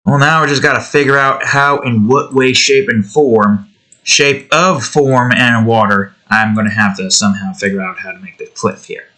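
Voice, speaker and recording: A man's voice: medium pitch, fairly even intonation, moderate pace, bright, forceful tone. An American man giving casual, rambling commentary while building a game, joking, swearing and talking to the objects on his screen. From United States. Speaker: hobby game developer.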